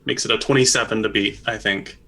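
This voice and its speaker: A man playing a tabletop game, calmly explaining the prayer he casts. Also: on the low side, fairly quick. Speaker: player. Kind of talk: casual tabletop play.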